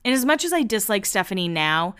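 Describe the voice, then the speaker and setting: Smooth-voiced chatty woman recapping a show. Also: medium pitch, very animated, a bit bright. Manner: chatty, peppered with "like", quick asides. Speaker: podcast host recapping a TV show. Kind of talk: casual chat.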